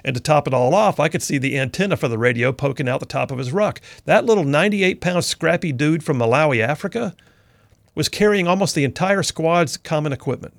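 Gravelly, earnest talk radio man. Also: a little high, expressive, fairly quick, no room sound. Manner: earnest, folksy, preacher-like delivery. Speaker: radio talk show host. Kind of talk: storytelling commentary.

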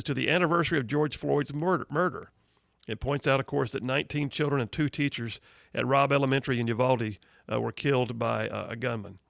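A man's voice: mid-range voice, creaky, a bit bright, no room sound, studio quality. A man hosting a political talk show, giving indignant, emphatic commentary and reading out news items. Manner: reads out news headlines. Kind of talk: opinionated commentary.

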